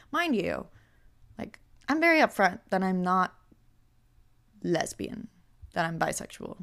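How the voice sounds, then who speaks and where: A woman's voice: medium pitch, a little slow, gravelly, long pauses. Chatty young woman telling a story. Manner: animated, incredulous, heavy use of "like". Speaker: podcast host. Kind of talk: casual storytelling monologue.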